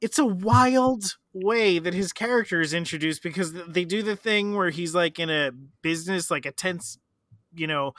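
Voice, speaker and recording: A man's voice: high voice, moderate pace, fairly bright tone, no room sound. A man chatting casually about a movie, wry and incredulous.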